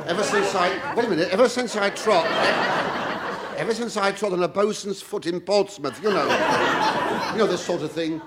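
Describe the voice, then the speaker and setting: Camp theatrical comedian. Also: male voice, fairly high pitch. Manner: camp, theatrical, mock-indignant. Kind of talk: stand-up comedy monologue. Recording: noisy old broadcast recording.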